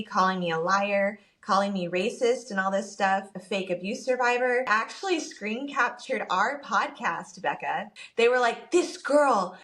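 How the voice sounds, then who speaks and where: A woman podcast co-host telling a personal story in casual chat, animated and quick to quote what everyone said. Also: medium pitch. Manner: animated, quotes people in her story, rushes when upset.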